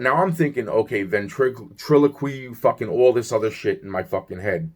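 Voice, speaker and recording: His voice is mid-range, and he talks at a normal speed with few pauses. A young man, he rambles agitatedly through a personal story, swearing a lot, using plenty of fillers and restarting sentences again and again.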